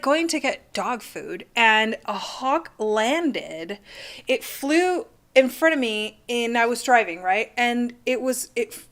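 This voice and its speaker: A woman's voice: fairly high pitch, a bit bright. A woman hosting a live-streamed card reading, gushing and chatty and full of "like".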